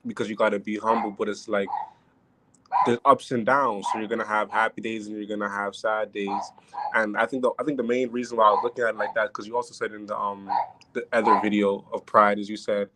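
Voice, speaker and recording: Flat, low-voiced man with background noise. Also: fast talker. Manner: hesitant, many ums and restarts. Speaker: participant asking a question. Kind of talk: casual question on a live stream.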